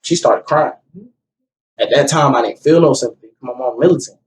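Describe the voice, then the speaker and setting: A young man casually telling a personal story, acting out what people said with a raised, animated voice. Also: medium pitch, normal speed. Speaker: guest telling his story. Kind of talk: casual conversation. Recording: distant mic with faint ambient noise.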